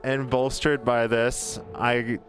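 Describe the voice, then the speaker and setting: A man's voice: medium pitch, flat delivery, slow pace, music in the background. A man playing a tabletop game, describing his character's actions in a playful way. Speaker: player. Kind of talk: casual tabletop chat.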